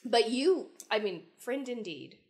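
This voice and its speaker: A woman's voice: on the high side, lively intonation, a little slow. A woman hosting a casual podcast chat, prompting her guest with short reactions and questions. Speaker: podcast host.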